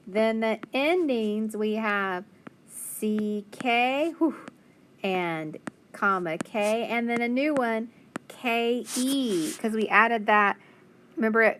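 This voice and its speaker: A woman's voice: mid-range voice, fairly bright tone, slight background noise. A woman teaching a phonics spelling lesson, patiently sounding out letters and praising answers.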